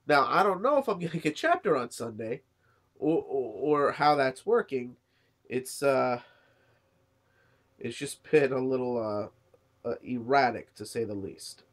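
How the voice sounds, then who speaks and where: A man's voice: mid-range voice, lively intonation, measured pace, long pauses. A man who is sick and coughing, casually reviewing a manga chapter and rambling with many fillers. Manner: rambling, lots of "you know" and "uh". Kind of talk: casual chat.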